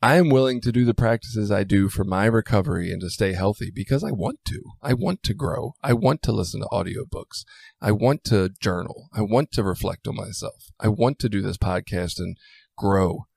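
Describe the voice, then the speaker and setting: Casting: man, low gravelly voice, blunt casual podcast co-host who swears freely, dry close mic. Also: animated, normal speed, darkish tone, dry recording. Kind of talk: casual chat.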